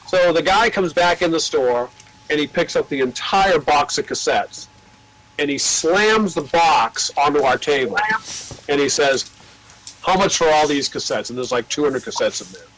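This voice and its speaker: A man's voice: on the high side, moderate pace, a bit bright, rough recording. An older American man who owns a record label, telling long rambling anecdotes with swearing and acting out the voices of the people he quotes. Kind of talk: casual storytelling.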